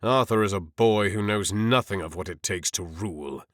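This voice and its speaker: A man's voice: on the low side, normal speed, fairly bright tone, no echo, studio quality, lightly acted. A man voicing a cold, threatening, power-hungry lord in an audiobook. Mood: menacing. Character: scheming older lord, menacing and power-hungry.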